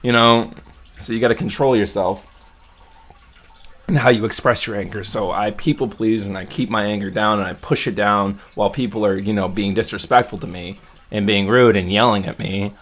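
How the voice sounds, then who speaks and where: A man with a fairly low voice talks through a casual vlog check-in. He vents in a rambling, heated way, often starting a sentence over before finishing it. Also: fairly even intonation, moderate pace, a bit bright. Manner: rambling, heated venting with restarts. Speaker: vlogger.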